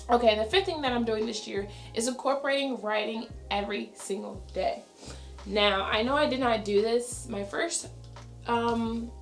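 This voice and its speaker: Raspy, tired young woman teacher vlogging. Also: mid-range voice, echoey room. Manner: fast-talking and chatty. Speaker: elementary school teacher. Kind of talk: casual vlog talk to camera.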